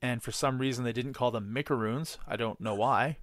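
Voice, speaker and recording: A man talking on a podcast, rambling through his stories with plenty of filler words and casual swearing. His voice sits at an average pitch, recorded dry and close with no room sound. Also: a little fast, no echo. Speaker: podcast co-host. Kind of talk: casual chat.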